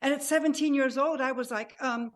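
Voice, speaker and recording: A woman in her sixties, a podcast guest telling her life story in an animated way and acting out remembered dialogue. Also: sits high, fairly quick, slight background noise. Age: 60s. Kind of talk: personal storytelling.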